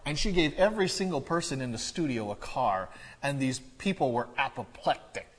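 A male pastor preaching a sermon, moving from quiet reflection to loud, animated storytelling. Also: medium pitch, normal speed, slightly rough. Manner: builds from quiet musing to loud excited storytelling. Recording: echoey hall reverb.

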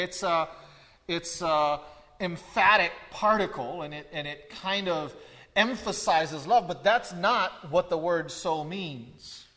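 Man, sermon, bright forceful tone, long hall echo, repeats phrases. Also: high-pitched. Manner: deliberate, repeats key phrases for emphasis. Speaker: preacher. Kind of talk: expository sermon.

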